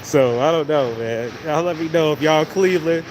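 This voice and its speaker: A man's voice: on the high side, normal speed, darkish tone. Guy streaming on his phone walking around a big venue, chill rambling, lots of noise behind him. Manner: rambling, easygoing, talks to viewers as y'all. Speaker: livestream host. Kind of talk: casual walking livestream chat. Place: large indoor convention venue. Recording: noisy venue background.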